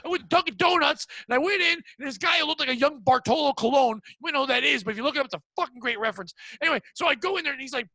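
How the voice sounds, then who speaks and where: Man, very high voice, bright tone, ranting podcast co-host, crude comic banter. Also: very fast, few pauses, no echo. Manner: animated ranting storyteller, swears a lot.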